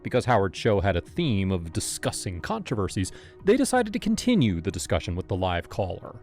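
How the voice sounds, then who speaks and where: A man narrating a scripted true-crime story in a measured, explanatory way. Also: on the low side, wildly swooping pitch, a little mellow, faint music behind.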